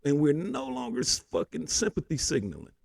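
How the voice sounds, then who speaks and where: A man's voice: a little high, huge pitch swings, fairly quick, vocal fry, a little mellow, breathy edge, no room sound. A man hosting a political commentary show, ranting heatedly with constant profanity and repeated "man".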